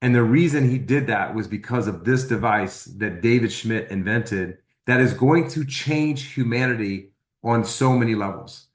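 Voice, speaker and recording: A man telling a personal testimonial story, acting out the dialogue he quotes in an animated way. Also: mid-range voice, moderate pace, echoey room. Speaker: testimonial speaker.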